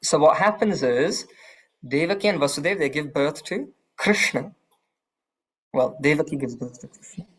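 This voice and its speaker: A man teaching a scripture class, retelling the story with lively questions to the group. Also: a little high, normal speed, slightly rough.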